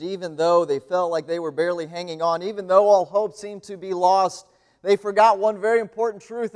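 A man giving a sermon as a guest speaker, swinging between loud pleading and hushed, near-whispered lines. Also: high-pitched. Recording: long hall reverb.

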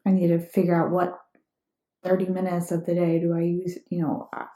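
Calm low-voiced woman on a roomy home podcast. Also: brisk. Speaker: podcast co-host. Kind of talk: casual chat with spouse. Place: room at home.

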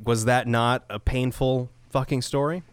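A man's voice: medium pitch, steady tone, unhurried, clear, resonant tone, dry recording. A young man co-hosting a podcast, telling an exasperated story with lots of swearing. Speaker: podcast co-host. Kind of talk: casual storytelling chat.

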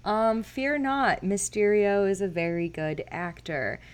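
A woman's voice: mid-range voice, expressive, a little slow. A young woman casually recapping a movie, talking with lots of fillers and frequent laughs. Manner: chatty, filler-heavy, laughs often.

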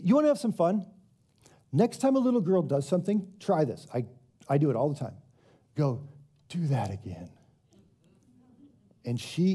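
A man preaching a sermon as pastor, reading scripture and then telling lively stories with acted-out quotes. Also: fairly high pitch. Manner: animated storytelling with acted-out quotes.

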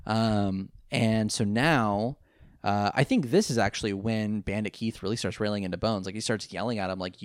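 A man's voice: lowish voice, moderate pace, clear, resonant tone, dry recording, studio quality. A man casually recapping a cartoon episode, rambling and acting out the characters' lines. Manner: rambling, animated retelling with put-on quotes. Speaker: podcast co-host recapping a cartoon. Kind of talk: casual chat.

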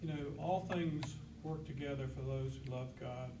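A man in a Bible study class slowly asking a hesitant question. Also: mid-range voice, steady tone. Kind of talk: question from the audience. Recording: distant and echoey, with noise.

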